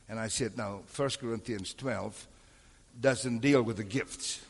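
Husky preacher in a reverberant hall. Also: male voice, medium pitch, fairly even intonation, normal speed. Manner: calls for amens and crowd responses. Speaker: pastor. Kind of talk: sermon.

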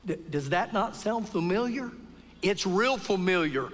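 A man preaching a sermon at a live church service, dropping to quiet, low passages and rising to loud, shouted peaks. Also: lively intonation, unhurried. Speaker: pastor. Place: church sanctuary. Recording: live church service in a big reverberant room.

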